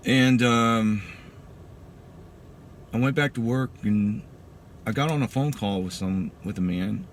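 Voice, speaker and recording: In this personal storytelling clip, a thirty-something military veteran from Texas speaks slowly in a voice on the low side. His testimony is casual and emphatic, peppered with "dude." The audio has slight background noise.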